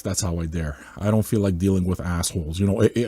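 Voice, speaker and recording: A man hosting a music podcast, ranting casually and swearing a lot, swinging from loud mocking outbursts to low muttering. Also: expressive, fast talker, few pauses, husky, no echo. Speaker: podcast host. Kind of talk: casual profane rant.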